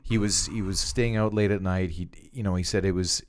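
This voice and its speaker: A man with a low voice chats casually on a podcast. He rambles a little and stumbles over his first words before he finds the point. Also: steady tone, brisk. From Canada. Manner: rambling, repeats words when starting sentences. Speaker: podcast co-host. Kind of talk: casual political chat.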